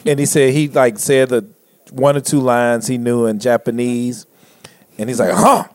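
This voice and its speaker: A man in a casual chat, retelling a comedy bit in a lively way and laughing through it. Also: medium pitch, normal speed, dry recording, studio quality.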